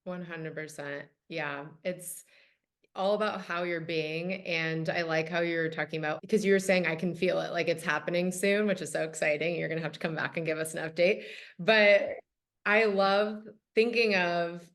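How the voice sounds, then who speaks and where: A woman hosting a casual podcast chat, her voice a little low for a woman. She sounds encouraging and enthusiastic, with frequent laughter. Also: steady tone, normal speed, fairly bright tone. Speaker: podcast host.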